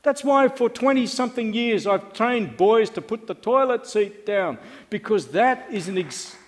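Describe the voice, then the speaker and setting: A man's voice: sits high, expressive, unhurried, slight background noise. Middle-aged male pastor, conversational and wry sermon delivery, echoing church hall. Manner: conversational, wry, asks the congregation questions. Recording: long reverb of a church hall.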